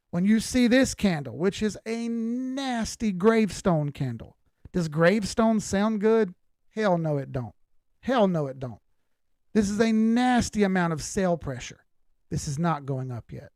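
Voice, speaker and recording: A man's voice: high voice, a little mellow, dry recording. Southern US man, middle-aged, raised voice, dry close sound, blunt folksy chart talk. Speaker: crypto chart analyst. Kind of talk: live-stream chart commentary.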